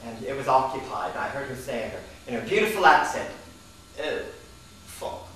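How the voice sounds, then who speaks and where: A middle-aged man tells a wry, theatrical story as a stage monologue, pitched in a middle register. He is picked up from a distance in a very echoey hall, with faint ambience underneath. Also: big pitch swings, fast, a bit bright, a little hiss or hum. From Canada. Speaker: performer. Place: performance space.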